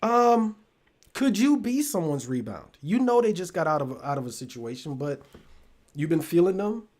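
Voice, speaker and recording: Hosting a relationship talk show, a man chats casually with live-stream viewers, speaking to them directly, swearing freely, laughing often, and trailing off mid-thought. His voice is a little high and darkish, with big pitch swings at normal speed.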